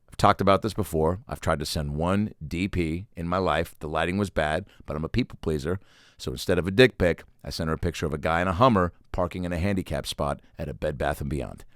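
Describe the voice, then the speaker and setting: Lively low-voiced man doing comic rambling. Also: no room sound, clean studio sound. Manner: animated, profane, rambling storytelling; self-deprecating. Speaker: podcast host. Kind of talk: casual comedic solo monologue.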